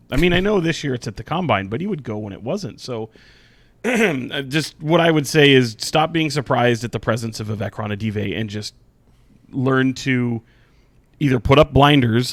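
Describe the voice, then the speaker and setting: A man's voice: mid-range voice, no echo. A man co-hosting a casual sports podcast, joking and rambling with restarts. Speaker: podcast co-host.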